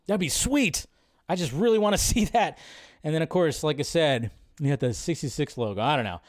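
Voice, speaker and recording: A man hosting a live stream, reacting to a movie trailer in an excitable, rambling way and swearing freely. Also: on the high side, a little fast. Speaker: host. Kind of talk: casual live-stream commentary.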